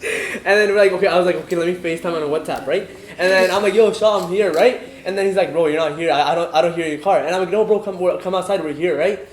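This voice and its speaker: A young man rattles off a spooky story in loose, slang-heavy chat, piling on "bro" and "like". His pace runs fast and his voice sits a little high. The room is echoey, with a faint hiss underneath. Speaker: podcast co-host.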